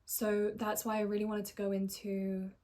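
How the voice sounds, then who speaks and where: A woman, a life coach speaking in a calm, thoughtful monologue that slows and softens for emphasis. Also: mid-range voice.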